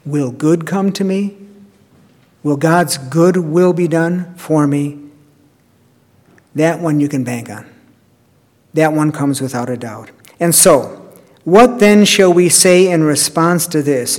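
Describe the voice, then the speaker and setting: A man preaching a sermon as pastor, earnest and measured, quieting down on prayer lines. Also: a little high. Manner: earnest preaching, dropping to a hushed hold on prayers. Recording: long hall reverb.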